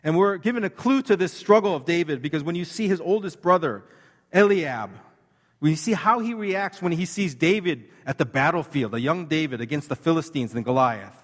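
A man preaching a sermon in an earnest, conversational way, slowing down to read scripture with emphasis. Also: on the high side, animated, in a large hall. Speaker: pastor.

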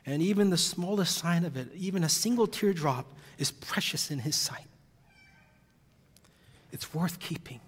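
Emotional pastor preaching in a reverberant hall. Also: male voice, fairly high pitch, expressive, measured pace, long pauses, husky. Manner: earnest, heavy-hearted preaching with swelling emphasis. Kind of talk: sermon. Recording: long reverb of a large hall.

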